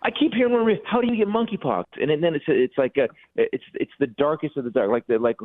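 A man's voice: fairly high pitch, expressive, fairly quick. A man, a comedian guest calling in, telling stories in a rambling, self-interrupting way. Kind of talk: casual radio interview. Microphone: phone call. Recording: tinny phone line.

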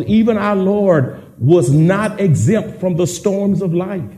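Male pastor, high and lively, slow dramatic sermon, roomy church sound. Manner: dramatic, repetitive call-and-response preaching.

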